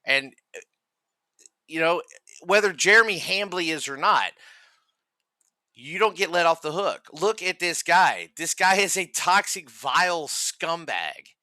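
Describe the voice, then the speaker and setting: A man's voice: on the high side, expressive, unhurried, sharp tone, dry recording. A man hosting reaction commentary, ranting furiously and mockingly with constant swearing. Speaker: commentary host.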